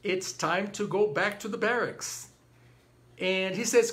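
A man's voice: high voice, unhurried. A man giving an informal lecture on an opera, acting out the characters and humming bits of arias. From Brazil. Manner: animated, acts out characters, hums snatches of arias.

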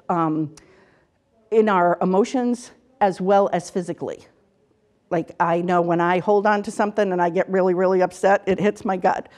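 A woman's voice: fairly low pitch, darkish tone. A middle-aged woman, an author and counselor, talking earnestly in a casual interview and repeating her words as she gives advice. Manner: earnest, repeats words, acts out quotes in dialogue. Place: local TV studio interview.

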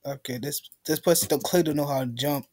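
A man's voice: a little high, fairly even intonation, fairly quick, a little mellow. Young man, gamer, frustrated rants, begging the game, desk mic. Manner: ranting, frustrated, pleading with the game. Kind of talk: let's play commentary.

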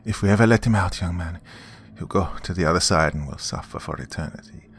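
A man's voice: sits low, quick pace. A man voicing an Italian male necromancer who gives orders in an urgent, commanding way. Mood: grave.

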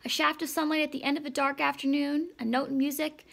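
Lady doing dreamy little schoolboy, high gravelly, storybook read. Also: level tone, fast, fairly bright tone.

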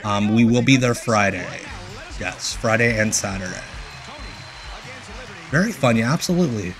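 A man's voice: fairly low pitch, lively intonation, moderate pace, fairly bright tone, faint music behind. A man hosting a live stream, chatting casually and joking about old wrestling footage, with rambling asides and restarts. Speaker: stream host riffing on old wrestling shows. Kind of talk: casual commentary chat.

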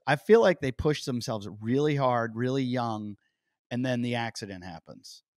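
Animated male podcast host, dry close mic. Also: mid-range voice, normal speed, dry recording. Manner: animated storyteller, acts out quotes loudly. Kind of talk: casual interview chat.

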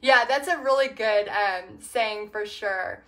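A woman's voice: mid-range voice, slow. A woman with a Texan accent, an art teacher hosting a livestream, telling a story chattily and reading viewer comments. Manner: chatty, animated storytelling with frequent fillers.

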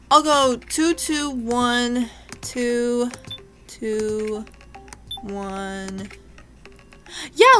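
A woman's voice: on the high side, pushed and bright. A young woman hosting a let's-play, talking nervously and anxiously to herself as she plays. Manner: nervous, jittery, with frequent anxious exclamations. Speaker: gaming channel host.

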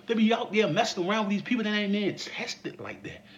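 Man, high lively voice, laughing, mock-shouting, dull lo-fi sound. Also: fast talker. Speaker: vlogger. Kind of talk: comedic commentary vlog.

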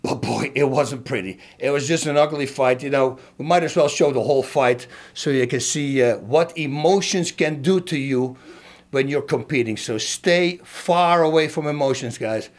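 A man's voice: mid-range voice, moderate pace. A middle-aged man, a former fighter, telling a story and breaking down a fight for his viewers in a casual, emphatic way. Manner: animated, emphatic, talks straight to viewers.

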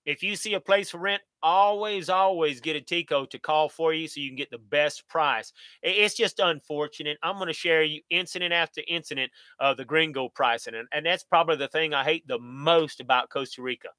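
Upbeat high-voiced American man hosting. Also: a little fast, sharp tone, dry recording. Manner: folksy, upbeat, talks straight to viewers. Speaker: channel host. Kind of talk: live Q&A stream.

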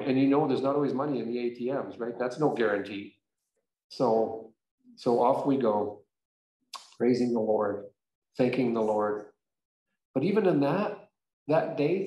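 Guy pastor chatting thru a sermon, mid-pitch voice, lots of echo, gets worked up at times. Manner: conversational storytelling, animated and emphatic. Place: church sanctuary. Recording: echoey church room.

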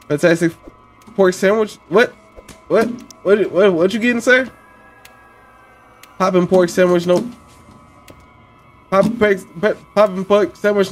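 Young male let's-play host, higher voice, rhythmic repeating chatter. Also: a little mellow. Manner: repeats lines in chanting bursts, talks along with the game. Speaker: gaming channel host.

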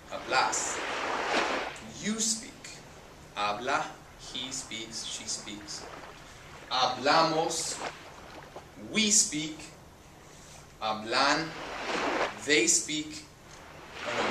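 A male teacher walks through a lesson patiently, repeating words and spelling out their endings. His voice sits at an ordinary pitch but sounds roomy and set back from the mic. Steady noise runs under it. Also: distant mic. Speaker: Spanish teacher. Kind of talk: explanatory lesson. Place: outdoors at a beach.

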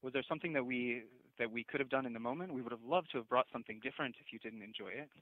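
A man's voice: medium pitch, very fast. A man managing a restaurant takes a complaint by phone, polite but stammering and flustered. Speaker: restaurant service director. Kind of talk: phone call with a customer. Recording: tinny phone line.

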